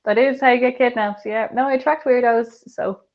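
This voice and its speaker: An Irish woman co-hosting a comedy podcast, telling animated stories and laughing often. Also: on the high side, brisk, lo-fi sound, crowd noise. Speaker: co-host. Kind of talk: casual comedy podcast chat.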